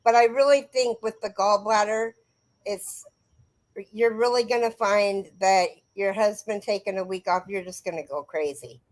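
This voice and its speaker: A middle-aged woman hosts a live crochet stream, reading comments and answering viewers by name in a rambling, friendly, casual way. Her mid-range voice has fairly even intonation and a moderate pace. The audio quality is poor.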